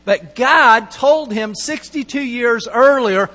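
A man's voice: high-pitched, animated, measured pace, a bit bright. A middle-aged man pastor giving a conversational, storytelling sermon and acting out quoted lines. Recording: long hall reverb, mains hum.

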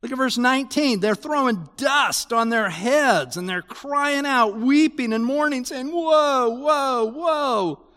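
Male pastor, sermon delivery, high and very lively in pitch, slow and deliberate, big reverberant hall. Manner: animated, exclaiming, mock-complaining asides. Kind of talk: expository sermon.

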